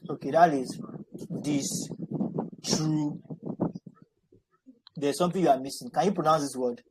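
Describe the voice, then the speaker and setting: A man tutoring over a video call, patient and encouraging, breaking words into syllables slowly. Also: on the high side, background noise. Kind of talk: online spelling and pronunciation lesson.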